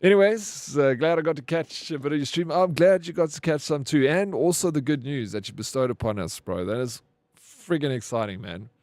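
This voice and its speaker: A man's voice: a little high, a little fast, a little mellow, no echo, clean studio sound. A man, streaming and chatting casually with viewers, rambling with lots of "bro" and casual swearing. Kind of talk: casual stream chat, reading chat aloud.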